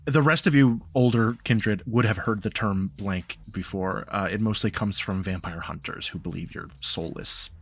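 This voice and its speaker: A man's voice: lowish voice, normal speed, hardly any pauses, slightly rough. A man as game master, narrating a tabletop role-playing game and explaining rules with fillers between narration.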